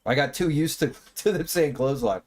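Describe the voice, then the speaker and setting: A man's voice: on the high side, animated, fairly quick. A man giving casual, wry live commentary while watching wrestling, swearing now and then. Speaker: watch party host.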